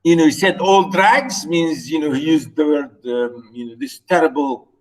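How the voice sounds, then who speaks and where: A middle-aged man whose first language is Arabic, lecturing a literature class online, talking haltingly with many fillers and repeated words. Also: fairly high pitch, low-quality recording.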